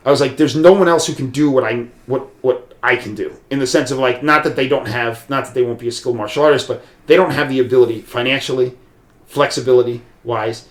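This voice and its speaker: An American podcast guest who practices martial arts tells a long personal story at a quick pace in a mid-pitched, steady voice. His telling is loose and rambling, full of restarts and "like" and "um," and the room has a noticeable echo.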